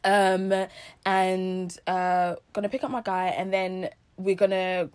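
A woman's voice: fairly low pitch, slow pace, smooth. A young woman casually telling a story, acting out what people said and laughing often. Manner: animated storyteller, acts out quotes, laughs often.

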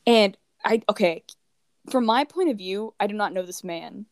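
A woman's voice: mid-range voice, normal speed, no echo. A teenage girl from the United States telling casual travel stories, rambling and leaning on "like" while acting out what people said. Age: teens. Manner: rambling, heavy use of "like", acts out quoted people. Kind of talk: casual chat.

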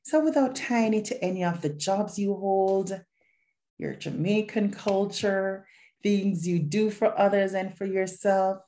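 A woman hosting a podcast, reading a formal guest introduction and asking questions in a measured, affirming way. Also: medium pitch, warm tone. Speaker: podcast host. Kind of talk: podcast interview, read introduction.

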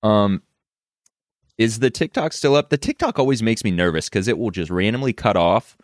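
A man co-hosting a casual stream chat, playful and quick to laugh. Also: fairly low pitch, expressive, no room sound, clean studio sound. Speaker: co-host.

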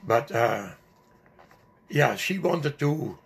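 An older man slowly recounting a personal memory in an interview, halting often with fillers and restarts. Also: mid-range voice, animated, vocal fry. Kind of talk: personal storytelling.

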